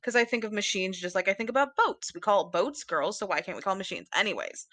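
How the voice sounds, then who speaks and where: Woman podcast co-host, bright and dry-sounding, rambly and giggly. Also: mid-range voice, expressive, fast, no room sound. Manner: rambling, giggly, many fillers. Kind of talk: casual chat about books.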